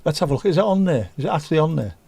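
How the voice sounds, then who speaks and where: A man's voice: fairly high pitch, expressive, rapid-fire, vocal fry, dark tone, husky, dry recording. A middle-aged man, hosting a livestream and rambling casually while reading out viewer comments. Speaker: livestream host. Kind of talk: casual chat.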